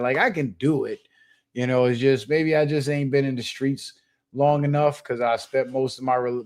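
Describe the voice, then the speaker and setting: A young adult man hosting his channel, telling a funny story in a casual monologue, animated and profane, with laughs. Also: mid-range voice. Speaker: channel host.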